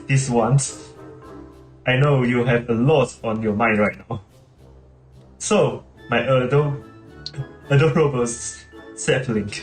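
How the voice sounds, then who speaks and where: A man's voice: medium pitch, natural voice. Vain, sulky female fairy, read aloud by a male streamer; plain delivery with stumbles, roomy sound. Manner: reads the lines aloud plainly, with slips. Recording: roomy room with game music.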